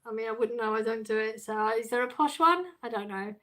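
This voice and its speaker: Chatting with her audience on a casual live stream, a middle-aged woman speaks a little fast in a slightly high, somewhat bright voice. She reads out what viewers write and laughs a lot.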